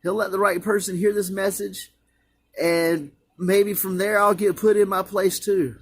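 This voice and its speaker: His voice is high-pitched with a breathy edge, his delivery flat and his pace measured. This vlogger gives an emotional personal testimony about a religious experience, speaking earnestly but rambling and repeating himself.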